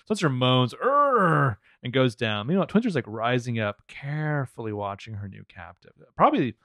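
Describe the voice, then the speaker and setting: An American man co-hosting a podcast, chatting casually, swearing often and narrating scenes with quick laughs. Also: mid-range voice, expressive, fairly bright tone, dry recording, clean studio sound. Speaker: podcast co-host. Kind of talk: casual recap chat.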